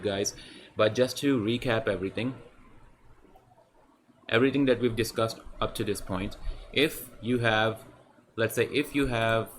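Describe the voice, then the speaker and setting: A man's voice: lowish voice, slight background noise. A man teaching web design while walking through a website on screen, talking in a conversational way that repeats points and keeps adding "right?". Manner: conversational, repetitive, often adds "right?". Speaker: design tutor. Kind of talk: screen-share tutorial.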